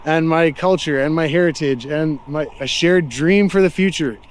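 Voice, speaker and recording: High-voiced guy walking around a city street with his camera, friendly, kinda musing out loud with lots of ums. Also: normal speed. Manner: friendly, reflective, loose with fillers. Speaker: street interviewer and vlogger. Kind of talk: casual walking vlog with street questions. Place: outdoors in a city street and park.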